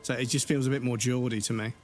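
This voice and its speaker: A man's voice: mid-range voice, steady tone, quick pace, faint music behind. A man from the UK giving casual, rambling commentary while live-streaming a game, with many hesitations.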